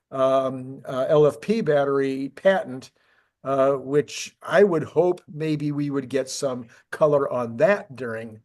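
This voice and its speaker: A man's voice: mid-range voice, a little mellow. A man with an ordinary mid-range voice co-hosts a casual tech talk. He rambles with enthusiasm, restarting phrases and piling up questions as he goes. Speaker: podcast co-host.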